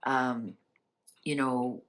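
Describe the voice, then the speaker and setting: A woman's voice: a bass voice, fairly even intonation, extremely slow. A woman hosting a casual spiritual talk, speaking conversationally and asking many rhetorical questions. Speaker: channel host.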